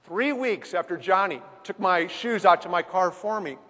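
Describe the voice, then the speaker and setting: A man telling a story as a business speaker, lively, with dramatic pauses. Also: high-pitched. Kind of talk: storytelling talk. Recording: long hall reverb.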